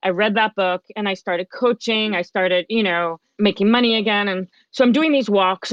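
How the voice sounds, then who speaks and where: An expressive woman speaking as an interview guest, telling a personal story with energy and slipping into other people's voices as she quotes them. Her voice sits at a middle pitch. The sound is a little dull and very dry, with no room around it. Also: normal speed, few pauses, no echo. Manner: lively, animated storyteller who acts out quoted speech. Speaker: guest, life coach.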